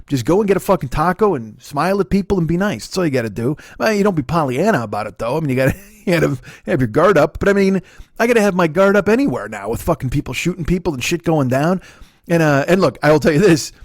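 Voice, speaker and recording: Fast and lively in intonation, this Chicago-accented comedy podcaster's voice runs on the high side. The studio-quality recording has no room sound, and the middle-aged host rambles through a loose, profane monologue full of fillers.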